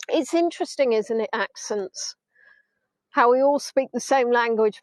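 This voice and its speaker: A middle-aged woman from Hampshire with a southern English accent, chatting warmly with viewers while leading a live virtual tour outdoors on a beach. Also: on the high side, dry recording, low-quality recording. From England (Hampshire). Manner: chatty, affectionate, answering viewers' comments.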